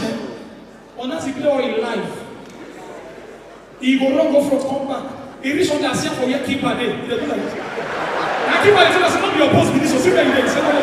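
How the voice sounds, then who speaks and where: A man with a Nigerian accent doing a loud, animated stand-up comedy routine and slipping into pidgin. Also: extremely high pitch. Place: large indoor comedy venue. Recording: echoey hall from far off, crowd.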